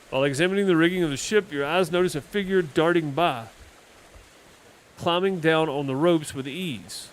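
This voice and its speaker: A man's voice: on the high side, slight background noise. A man hosting a let's play, reading game text aloud and commenting, self-deprecating and stumbling over words. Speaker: gaming channel host.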